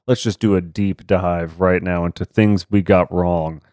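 Smooth-voiced, low man from Texas. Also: a little slow, no echo, studio quality. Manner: animated, jokey, jumps up in pitch for bits. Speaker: podcast co-host. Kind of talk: casual chat.

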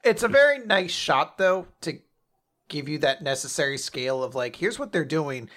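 A young male podcast co-host chatting casually, enthusiastic and quick to joke. His voice sits a little high for a man. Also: animated, fairly bright tone. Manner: enthusiastic, joking, swears. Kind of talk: casual chat.

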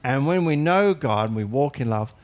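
A man's voice: mid-range voice, animated, normal speed. A male pastor preaching a sermon in an earnest, emphatic way with light humorous asides.

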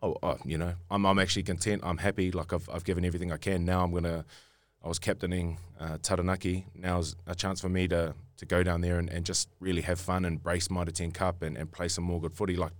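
A man's voice: low-pitched, flat delivery, quick pace, hardly any pauses, no room sound. A young New Zealand man, a rugby player being interviewed, telling a story in a rambling way with many restarts. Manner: rambling, repeats and restarts words often.

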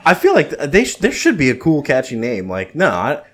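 Man, casual joking chat, swears a lot, lively swooping pitch, acts out quotes. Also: brisk, a little hiss or hum. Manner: profane, animated storytelling with mock quotes.

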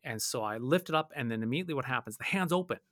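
A pastor talks through his point in an earnest, conversational way, circling back and repeating words as he thinks. His voice sits at an ordinary pitch for a man. The sound is dry and close, with no room around it. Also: lively intonation, racing, fairly bright tone, no echo. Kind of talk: conversational podcast discussion.

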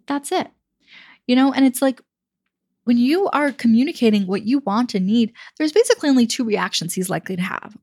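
Woman, young adult, dating coach, casual chatty advice, acts out quotes, higher pitch. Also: slightly rough, no echo, studio quality. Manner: chatty, acts out quoted voices, fillers like "you know".

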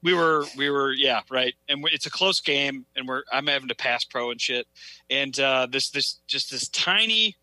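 A young adult man co-hosting a podcast, telling stories in an animated, profane, laughing way. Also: medium pitch, moderate pace, no room sound, rough recording. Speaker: podcast co-host. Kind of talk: casual storytelling chat.

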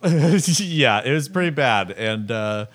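A man's voice: mid-range voice, expressive, slow, fairly bright tone. A young man co-hosting a podcast, telling stories in a casual chat full of "like" fillers. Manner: chatty storyteller, many "like" fillers. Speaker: podcast co-host.

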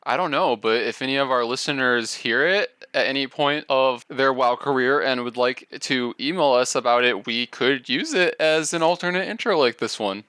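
A man co-hosting a podcast in casual chat, calm and earnest. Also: medium pitch, normal speed, hardly any pauses, no echo, clean studio sound. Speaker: podcast co-host.

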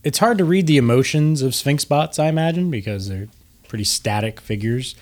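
Relaxed man running a tabletop game. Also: mid-range voice, brisk. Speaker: game master.

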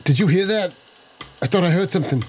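A man voicing a male investigator who talks in quick, clipped, urgent bursts. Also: high voice, darkish tone, faint music behind, voice pushed up, close to an everyday voice.

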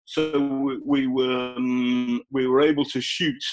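Halting older man telling a story. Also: mid-range voice, level tone, over music, poor audio. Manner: halting, many fillers and restarts. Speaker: guest journalist. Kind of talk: casual interview storytelling.

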